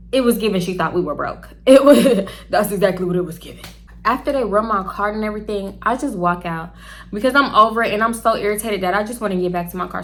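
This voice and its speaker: A young woman, chatty and animated, telling a storytime to camera and talking straight to her viewers. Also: medium pitch. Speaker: storytime vlogger.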